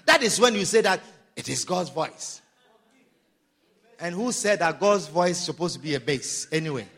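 A man preaching a sermon, shouting some lines and drawing others out slowly for emphasis. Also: fairly high pitch, animated, breathy edge. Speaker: pastor.

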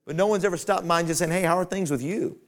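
A man's voice: high voice, fast talker. A man preaching a sermon to fellow pastors in a folksy, conversational way that climbs to emphatic peaks.

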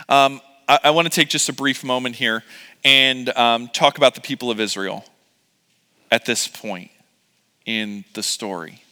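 A man's voice: mid-range voice, measured pace, bright, forceful tone, smooth, in a large hall. A middle-aged man preaching a sermon as pastor, in a casual, joking, conversational way with many fillers.

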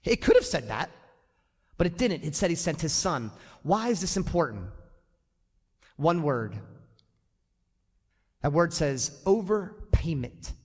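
A male pastor preaching an animated sermon to his congregation, often acting out the people in his stories. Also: a little high, moderate pace, pauses often, slightly rough. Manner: animated, acts out quoted voices, addresses the congregation directly. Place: church sanctuary. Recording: long church reverb.

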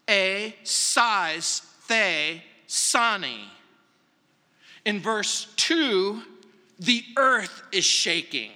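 A male pastor preaching slowly and deliberately, his high, bright voice carrying a long reverb through a large church hall. He leans on single words and often drops to a quiet, earnest tone. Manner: slow, emphatic preaching with long pauses, dropping soft for stress. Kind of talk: verse-by-verse sermon.

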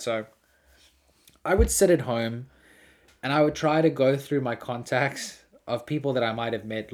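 A man spinning stories in an easy chat, his pitch jumping all over as he gets into them. He laughs often and keeps an animated, storytelling flow. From South Africa. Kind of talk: casual chat.

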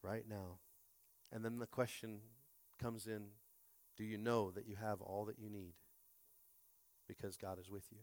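A man's voice: on the low side, level tone, a little slow, pauses often, a little mellow. A man preaching a Sunday sermon as pastor, stumbling over repeated words and rallying his listeners.

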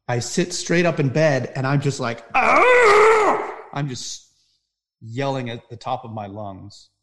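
Intense man telling a personal story. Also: mid-range voice. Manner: intense, vivid, swings from loud to hushed. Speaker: podcast guest.

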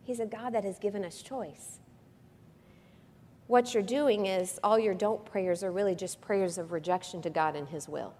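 A woman preaching a sermon with passion, swinging from hushed, quiet passages to loud, lively ones. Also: medium pitch, moderate pace, slight background noise. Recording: long reverb of a large hall.

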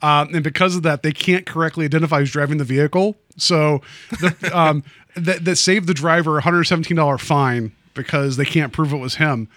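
A man's voice: fairly high pitch, steady tone, fairly quick, a bit bright, no room sound, studio quality. A man hosting a podcast, chatting casually and rambling with lots of fillers and restarts. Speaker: podcast host. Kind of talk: casual chat.

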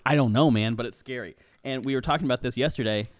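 A man's voice: medium pitch, quick pace, dry recording. A man co-hosting a podcast in casual, joking banter, laughing often and swearing freely. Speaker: podcast co-host.

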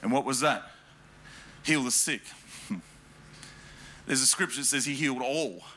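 Male pastor, fiery exhorting sermon, piercing bright tone. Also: mid-range voice, takes it slowly, slight background noise. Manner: fervent, exhorting, rising to shouts.

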